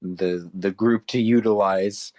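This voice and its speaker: A young man co-hosting a podcast in relaxed, joking casual chat, often trailing off mid-sentence. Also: fairly low pitch, takes it slowly. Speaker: podcast co-host.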